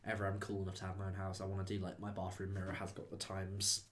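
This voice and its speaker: Talking quickly in a low voice, a young male podcast co-host chats casually and animatedly, rambling along with lots of "like" and laughs.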